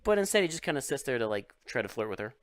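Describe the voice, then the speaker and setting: A man co-hosting a podcast, recapping a movie in casual, profane, animated chat and acting out scenes. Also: medium pitch, racing, no room sound. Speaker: podcast co-host.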